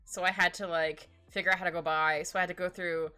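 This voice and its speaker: A woman's voice: lowish voice, little pitch movement, quick pace, sharp tone, clear, resonant tone. A young woman art streamer chatting casually and giggling while she draws. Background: faint background music.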